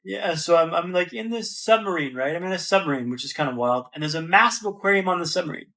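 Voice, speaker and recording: A young man, a podcast guest, telling his story in a casual, animated way and calling the host man and brother. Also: high voice, fast talker. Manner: animated, slangy, calls listener man and brother.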